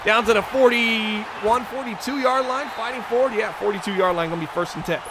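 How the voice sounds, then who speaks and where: A man hosting a football video game livestream, calling the plays in excitable play-by-play and chatting to viewers. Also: high voice, brisk, background noise. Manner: excitable, chatty, talks straight to the chat viewers. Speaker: livestream host and commentator.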